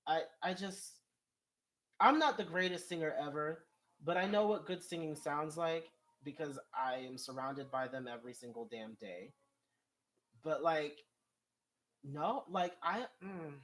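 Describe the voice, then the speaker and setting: Speaking a little slowly in a slightly high, slightly bright voice, a male vlogger reads comments from viewers and rambles on, exasperated. He laughs a lot, and his pitch rises whenever he gets heated.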